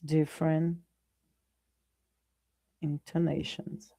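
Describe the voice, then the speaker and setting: Her voice is low, gravelly and dark, with a flat delivery and an extremely slow pace, as she teaches English on a live stream in a Brazilian Portuguese accent. She speaks conversationally to viewers she calls "guys," repeatedly asking "right?"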